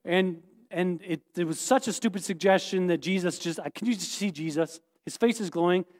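A pastor preaching a sermon in a church, animated and playful, often quizzing the congregation, with echoey hall reverb. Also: male voice, sits high, moderate pace. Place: church sanctuary.

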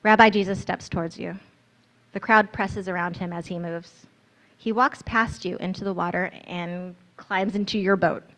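A woman's voice: on the low side, steady tone, moderate pace, fairly bright tone. A woman narrating a guided scripture meditation in the second person, in an earnest, storytelling manner.

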